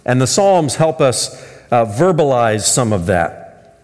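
An American man preaching a sermon as pastor, telling a story with animated, shouted punchlines. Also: mid-range voice, slow, long reverb tail. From United States.

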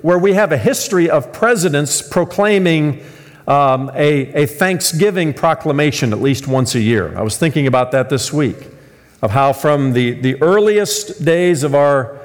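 American male pastor, sermon, fairly high voice, lively storyteller, reverberant hall. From United States. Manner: storytelling, animated with shouted punchlines.

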